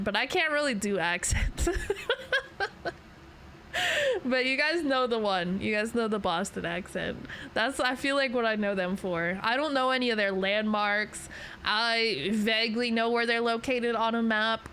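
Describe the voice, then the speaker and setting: A young woman chats casually with her stream audience through a desk mic, rambling and poking fun at herself. Her voice is bright and clear at a mid pitch, with a faint hum of room noise underneath. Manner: rambling, self-deprecating, laughs often. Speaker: VTuber streamer. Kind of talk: casual stream chat with viewers.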